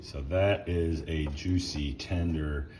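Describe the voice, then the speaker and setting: A man with a very low voice hosts a casual cooking demonstration and talks easily between bites. The home video recording carries clear background noise. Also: unhurried. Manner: relaxed, talks while tasting food. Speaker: cooking channel host.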